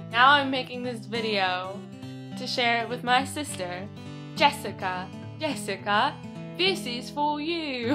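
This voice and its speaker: A young woman chatting to camera in a self-amused way, with lots of "like" fillers. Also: a little high. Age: young adult. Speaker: vlogger. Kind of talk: casual chat to camera.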